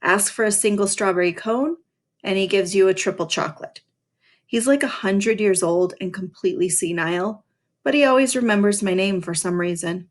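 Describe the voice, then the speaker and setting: Female reader for a first-person novel, dry and sarcastic, mid-range pitch, with short asides to her class. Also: moderate pace. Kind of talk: reading a novel aloud with comments to listeners.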